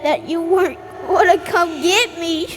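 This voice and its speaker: A woman's voice: very high-pitched, unhurried, soft background music. A woman voicing a frightened young boy in a video game cutscene. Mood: eerie.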